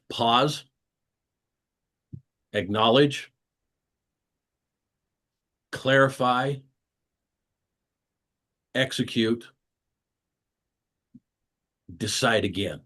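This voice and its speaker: A man's voice: medium pitch, extremely slow, long pauses, a bit bright. A man hosting a weekly video call, giving an earnest motivational talk and repeating his key phrases for emphasis.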